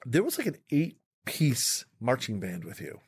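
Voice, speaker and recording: A man's voice: mid-range voice, huge pitch swings, measured pace, vocal fry, slightly rough, no room sound, clean studio sound. A man hosting a comedy podcast, chatting in a playful, joking, mock-formal way. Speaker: podcast host. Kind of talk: casual comic chat.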